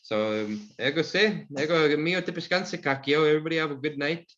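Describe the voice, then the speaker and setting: A man teaching an online language class, answering questions in a relaxed, friendly way with many fillers. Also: on the high side, fairly quick. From Saskatchewan, Canada. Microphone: video call. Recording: muffled video call audio.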